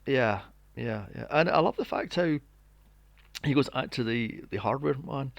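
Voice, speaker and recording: Gravelly podcast guy ranting about a dumb movie, voice jumps all over, swears a lot, dry close mic. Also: fairly high pitch, fairly quick, no room sound. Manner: animated, acts out scenes in mocking voices, swears often. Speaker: podcast host. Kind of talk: casual movie review chat.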